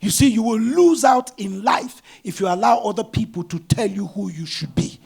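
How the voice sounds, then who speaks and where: Middle-aged male pastor, husky high voice, lively storytelling sermon. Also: normal speed. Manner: animated storytelling, bursts of shouting.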